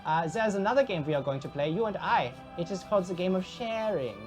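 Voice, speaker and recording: A woman's voice: mid-range voice, sing-song, quick pace, over music. A woman voicing Alvin, a cheerful and morbid male ghost who presents prizes in a tabletop game, with a put-on accent and a sugary, delighted manner. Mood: gleeful. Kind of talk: live-streamed tabletop game.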